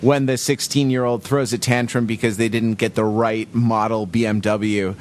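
A man's voice: lowish voice, fairly even intonation, normal speed, darkish tone, slight background noise. A man hosting a casual podcast, joking with his co-hosts and introducing the next topic. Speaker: podcast host.

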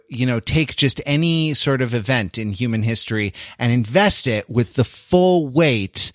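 Speaking in a mid-range, fairly bright voice, a man hosts a podcast and chats casually, rambling with lots of fillers and restarts. It's a clean studio recording with no echo.

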